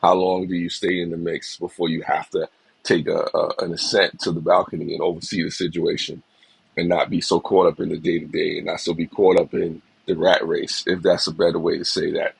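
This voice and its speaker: This man in his forties has a deep, level, slightly fast voice that's creaky and husky; the audio is poor with no echo. He's a little sick with a slight cough, hosting a casual motivational livestream in a reflective, encouraging way and greeting viewers by name.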